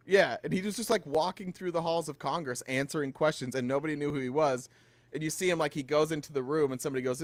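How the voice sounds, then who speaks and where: A man's voice: a little high, fast talker, no room sound. A man co-hosting a casual political commentary show, joking and laughing often as he mimics others. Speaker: co-host.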